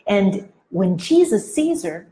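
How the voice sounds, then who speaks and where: A woman delivers a devotional talk at an unhurried, measured pace, in a middle-pitched voice. She asks her listeners reflective questions. She often checks in with a soft "right?". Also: very animated. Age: married adult. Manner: slow and deliberate, with frequent "right?" tags. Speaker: women's devotional speaker.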